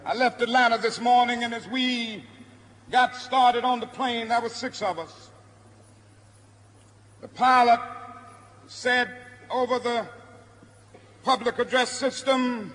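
A man preaching to a live crowd, speaking in rhythmic repeated refrains that build to ringing shouts. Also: very high voice, steady tone, unhurried, pauses often. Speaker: preacher and civil rights speaker. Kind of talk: impassioned oratory to a live crowd. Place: large hall before an audience. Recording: archival speech with long hall reverb and music behind.

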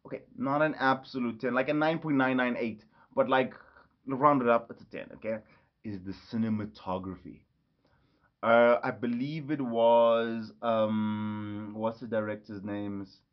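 A man's voice: mid-range voice, steady tone, measured pace. A man giving an enthusiastic, rambling casual vlog review, often correcting himself. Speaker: movie reviewer. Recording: slightly dull lo-fi audio.

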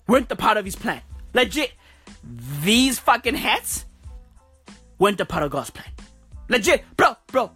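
A woman tears through a crude comedic rant at a slow, drawn-out pace, her pitch swinging widely as she keeps circling back to the same complaints. Her voice is husky, and she breaks into loud, exasperated shouts. The sound is dry and close, with faint music behind her. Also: no room sound. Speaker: comedic ranter.

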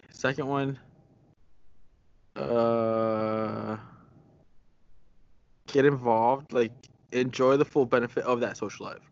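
Young male podcast co-host, chatty and giggly, slightly dull lo-fi sound. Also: mid-range voice. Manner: laughs often, chatty with many fillers. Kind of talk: casual chat.

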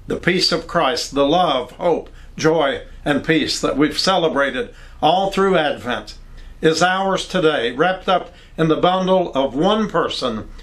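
A man with a fairly high voice preaching a Christmas sermon. He is earnest and pastoral and talks straight to the listener. The delivery is loose and unscripted, with small slips and self-corrections. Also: lively intonation, slow pace, fairly bright tone.

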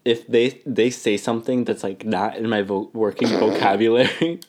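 A young man co-hosting a podcast, telling animated stories in casual chat, full of fillers. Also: fairly low pitch, moderate pace. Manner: animated, filler-heavy storytelling. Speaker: podcast co-host.

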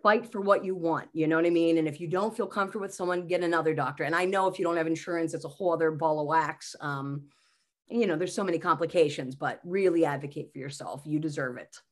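High-energy woman comedian telling stories. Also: quick pace. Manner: high-energy, animated storyteller. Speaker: comedian and mental health speaker, guest. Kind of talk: casual podcast conversation.

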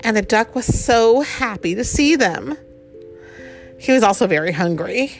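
A woman's voice: a little high, animated, unhurried, soft background music. A woman reading a picture book aloud to a child, with chatty asides about the pictures.

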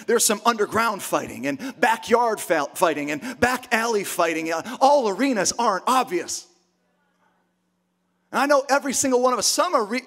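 Pastor preaching: high-voiced man, emphatic, rallying the room with questions. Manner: emphatic, energetic, rhetorical questions. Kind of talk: sermon.

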